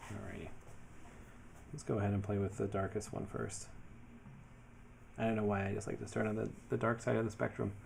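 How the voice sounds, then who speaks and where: A man talking casually through his design work as he goes, thinking aloud in a relaxed way with many fillers. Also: fairly low pitch, a little fast, gravelly, pauses often, slight background noise. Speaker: web developer building his portfolio. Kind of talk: casual screen-share commentary.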